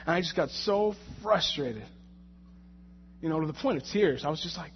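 An animated young man delivers a sermon, joking and tripping over repeated words. His voice sits high for a man. The sound is muffled and rings with the long echo of a large hall. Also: moderate pace, pauses often, slight background noise. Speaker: preacher.

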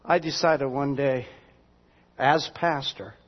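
This pastor speaks slowly with a medium pitch and fairly even intonation, telling everyday stories in a folksy, chatty way and making asides to the congregation. Long hall reverb and dull lo-fi audio color the recording.

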